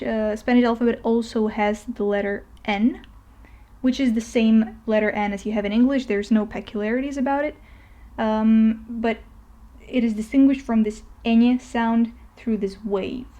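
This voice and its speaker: Teacher, woman, higher-pitched and mellow, patient step-by-step explainer for a lesson voice-over. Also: fairly even intonation, normal speed. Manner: patient, explains step by step with frequent "okay?" checks. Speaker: language teacher. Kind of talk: narrated language lesson.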